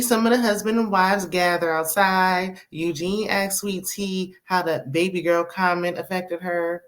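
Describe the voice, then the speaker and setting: A woman's voice: lowish voice, steady tone, a little slow, few pauses. A woman recapping a reality show in a casual, sassy way, laughing often and tossing in "okay?" and "honey". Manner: laughs often while talking.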